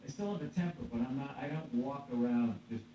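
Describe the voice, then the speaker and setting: A man's voice: medium pitch, brisk, warm tone. A man, a stand-up comedian, telling a story in casual podcast chat, cursing freely, laughing and acting out the voices of the people he quotes. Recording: echoey, distant, dull with faint hum.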